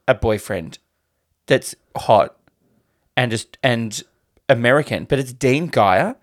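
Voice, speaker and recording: A man's voice: mid-range voice, animated, slow pace. Playful man teasing in film chat. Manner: playful, teasing, rattles off movie titles. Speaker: podcast co-host. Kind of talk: casual film review chat.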